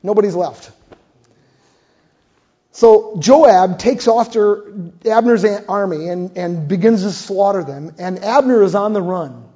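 An older man preaching a sermon, retelling a scripture story in an animated way and acting out the dialogue. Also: sits high, measured pace, breathy edge. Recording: muffled lo-fi sound.

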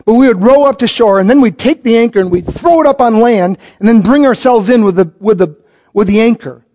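A man's voice: high-pitched, fairly quick, a little mellow, a little hiss or hum. A middle-aged man preaching a sermon as pastor, telling stories animatedly and acting out quoted voices. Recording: dull lo-fi recording.

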